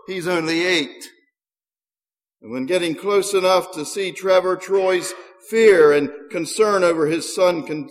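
Man narrator, earnest story reading, higher voice, long hall reverb. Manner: earnest, with small stumbles.

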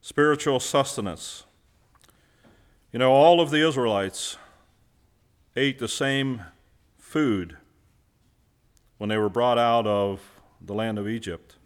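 A man's voice: mid-range voice, slow pace, long pauses. A man preaching a sermon, who puts questions to his listeners and answers them himself, and stresses key words by repeating them.

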